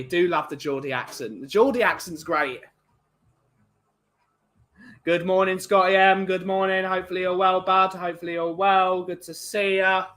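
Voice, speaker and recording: A man's voice: high voice, fairly even intonation, moderate pace, a bit bright. A man from England hosting a casual live-stream podcast, rambling chattily and greeting chat viewers by name.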